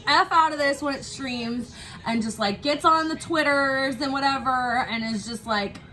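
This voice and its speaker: A woman co-hosting a casual chat, animated and quick to act out what others said. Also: high-pitched. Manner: animated, quotes people in exaggerated voices, laughs a lot. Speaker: co-host.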